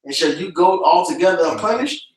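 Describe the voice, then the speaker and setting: With a high-pitched, brisk voice and lively intonation, a street preacher delivers scripture casually, punctuating lines with "man." The sound is echoey, as he stands far from the microphone.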